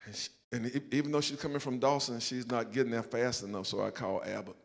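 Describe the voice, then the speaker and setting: Speaking fast in a large hall, an older Southern US pastor has a gravelly, medium-pitched voice with a steady tone. In his sermon he pokes fun at himself through a personal story, acting out the quotes in the church sanctuary.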